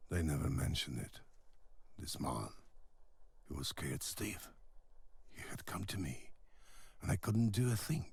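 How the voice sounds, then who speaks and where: An actor playing a haunted older male ship captain, recounting events in a game audio log with a gravelly, husky voice. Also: a bass voice, dry recording, heavily acted. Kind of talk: video game voice acting.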